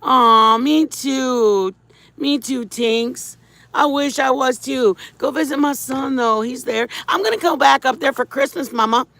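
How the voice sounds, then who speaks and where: A woman's voice: high voice, a little slow, gravelly, fairly bright tone, no echo. A middle-aged woman hosting a casual livestream, rambling through a story and greeting viewers by name. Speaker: livestream host.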